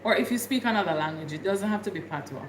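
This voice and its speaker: A woman's voice: mid-range voice, lively intonation, fast, echoey room, a little hiss or hum. A woman from Jamaica with a Jamaican accent, chatting casually with viewers on her livestream and laughing often. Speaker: livestream host.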